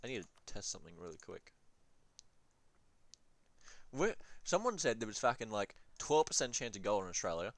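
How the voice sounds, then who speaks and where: A man's voice: fairly low pitch, sing-song, normal speed, gravelly, pauses often, no echo. A young man rambling through advice on a strategy game, swearing and joking, often trailing off with ums. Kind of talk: casual rambling game commentary.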